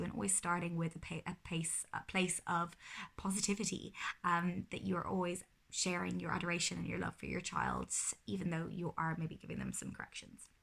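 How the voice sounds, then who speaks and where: A woman's voice: on the low side, creaky, fairly bright tone. A woman in her thirties, a mother, giving parenting advice in a casual vlog, talking earnestly and often correcting herself mid-sentence. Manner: earnest, explanatory, with frequent self-corrections.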